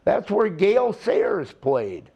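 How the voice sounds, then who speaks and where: A man's voice: high voice, huge pitch swings, slow, creaky, mellow, slightly rough. An older man, a retired wrestler, telling a rambling, profane story in a casual interview. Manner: rambling, profane, acts out the people in his stories.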